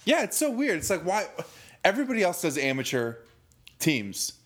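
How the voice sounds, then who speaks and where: A man's voice: high-pitched, wildly swooping pitch, moderate pace, fairly bright tone. A young man co-hosting a podcast, chatting casually in crude, joking banter full of fillers. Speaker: podcast co-host. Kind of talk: casual chat.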